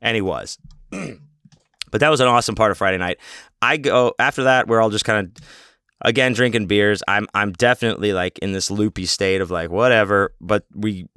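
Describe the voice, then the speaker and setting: A man's voice: lowish voice, bright, forceful tone, smooth, no echo, studio quality. A man hosting a podcast, telling a long story casually in a rambling, profane, self-mocking way. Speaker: podcast host.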